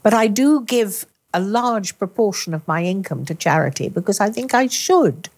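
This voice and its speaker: An older woman with a Glasgow Scottish accent, an actress talking in an interview, carefully enunciating and finishing every word with a crisp snap. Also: mid-range voice, expressive, a little mellow. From Britain. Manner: crisp, deliberate enunciation with emphatic word endings. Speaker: actress and author, interview guest. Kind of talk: conversational interview.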